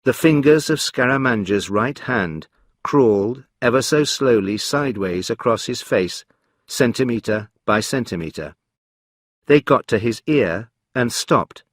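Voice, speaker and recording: Calm, measured male narrator. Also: mid-range voice, dry recording, studio quality. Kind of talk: scripted story narration for learners.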